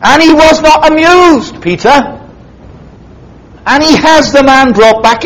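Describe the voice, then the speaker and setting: A man's voice: animated, a little slow, a bit bright, low-quality recording. A man preaching a sermon, retelling a parable emphatically and dramatically. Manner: emphatic, dramatic retelling with sweeping pitch swings. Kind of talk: expository sermon.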